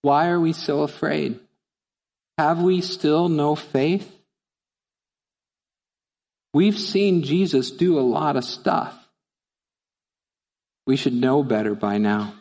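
A man's voice: fairly high pitch, slow pace, creaky, pauses often, a little mellow. Preaching man in a reverberant church. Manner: storytelling, rising to fervent rhetorical questions. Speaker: pastor. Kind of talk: sermon. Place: church sanctuary.

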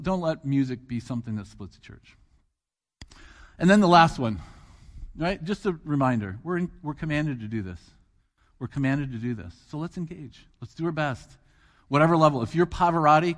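A man's voice: on the high side, animated, normal speed. Conversational man preaching in a church hall. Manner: conversational, asks the congregation questions, repeats phrases for emphasis. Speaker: guest preacher. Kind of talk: sermon.

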